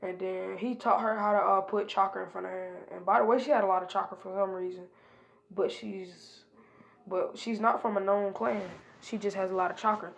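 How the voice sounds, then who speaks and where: Rambling through an improvised fan story, a woman links events with "and then he was like" and plenty of hesitant fillers. Her voice is mid-range, steady, and gravelly, at a moderate pace.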